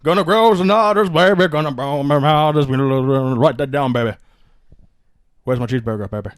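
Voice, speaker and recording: A gruff, mopey old-school comedian husband, as a man puts him on, crooning and grumbling and tagging "baby" onto his lines. He talks quickly, recorded dry and close on a podcast mic. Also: fairly high pitch, no room sound, close to an everyday voice. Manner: gravelly crooning, calls everyone baby.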